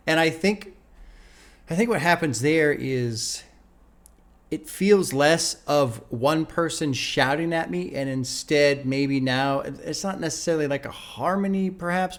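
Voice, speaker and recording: A man hosting a music reaction, talking casually and thinking out loud with restarts and trailing phrases, swearing now and then. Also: mid-range voice. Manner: laid-back, swears casually. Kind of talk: casual first-listen commentary.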